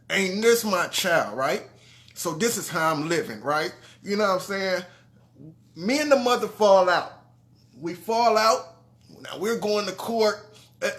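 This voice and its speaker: A man telling a heartfelt personal story to his audience, earnest and conversational, often checking in with "you know what I'm saying". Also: sits high. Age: adult father of grown sons. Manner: trailing restarts and soft drops in level.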